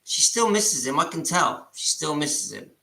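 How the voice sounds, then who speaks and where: An enthusiastic man hosting his own channel and talking straight to his viewers. His voice is very bright and a little high, and the room around him gives it a clear echo. He chats warmly along as he comments on the clips he plays. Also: big pitch swings, normal speed. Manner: enthusiastic, chatty, talks to viewers. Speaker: channel host. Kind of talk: casual commentary over played clips.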